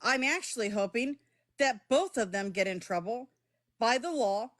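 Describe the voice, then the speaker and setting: Middle-aged woman streamer with a slightly high voice, defensive and blunt with chat, cursing freely. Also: animated, normal speed, a bit bright. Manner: heated, defensive, swears, talks straight to chat. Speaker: live streamer. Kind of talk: live-stream chat with viewers.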